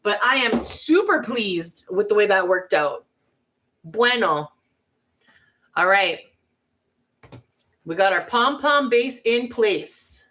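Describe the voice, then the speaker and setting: A woman's voice: mid-range voice, expressive, slow pace, pauses often, sharp tone. A woman giving a casual crafting tutorial, chatty and bubbly with giggly asides. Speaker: craft vlogger.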